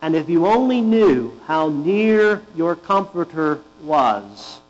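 High-voiced preacher, lo-fi humming recording. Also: male voice, very animated. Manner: deliberate, emphatic, rhetorical questions. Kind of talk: sermon. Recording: dull lo-fi with mains hum.

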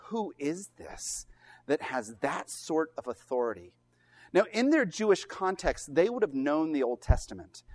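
A male preacher delivering a sermon in an animated, storytelling way. His pitch rises and falls expressively as he leans into emphatic points and rhetorical questions. His tone stays earnest throughout.

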